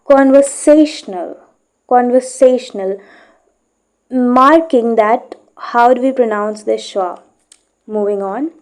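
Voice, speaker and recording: A woman with a slightly high, mellow voice teaches English pronunciation. She speaks slowly, reads a book passage aloud, then explains it and often checks in with "okay?".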